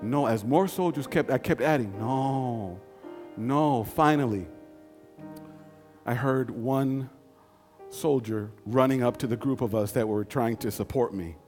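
A man's voice: medium pitch, a little mellow, soft background music. Folksy man telling a story in a reverberant hall. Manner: folksy, conversational, dramatic pauses. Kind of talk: live personal storytelling.

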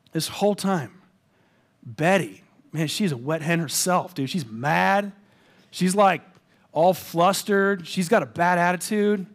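Animated pastor, high voice. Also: male voice, moderate pace. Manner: animated, conversational, self-deprecating storytelling. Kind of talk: storytelling sermon.

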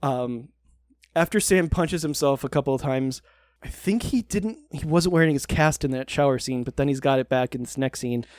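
A man's voice: mid-range voice, normal speed, a little mellow, no echo, studio quality. A man co-hosting a podcast, recapping a TV show in casual, sarcastic chat and swearing freely.

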